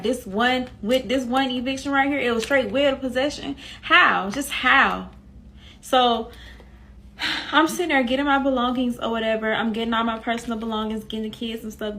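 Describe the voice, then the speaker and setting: A woman's voice: fairly high pitch, a bit bright, a little hiss or hum. A young woman casually telling a personal story to her viewers, emphatic and repeating herself for effect. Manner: emphatic, repeats herself, addresses listeners as y'all.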